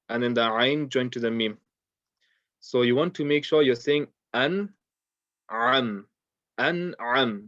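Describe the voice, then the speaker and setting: A man teaching a Quran pronunciation lesson, patiently explaining mistakes and repeating words slowly for practice. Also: mid-range voice, no echo. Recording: dull, dry lo-fi sound.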